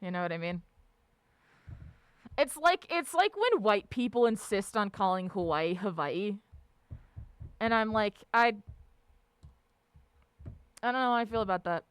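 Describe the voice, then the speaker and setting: A woman's voice: medium pitch, animated, normal speed, long pauses, smooth, no echo. A woman livestreamer chatting casually with her viewers, ranting with lots of swearing and frequent laughter. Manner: profane, ranting, laughs often. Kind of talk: casual live-stream chat.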